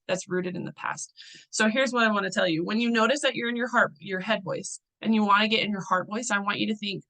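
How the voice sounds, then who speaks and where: Bright woman, casual coaching talk, chatty with fillers, young adult, mid-pitched. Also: steady tone, fairly quick, rough recording. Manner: chatty, uses many fillers and restarts. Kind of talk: casual teaching talk to a group.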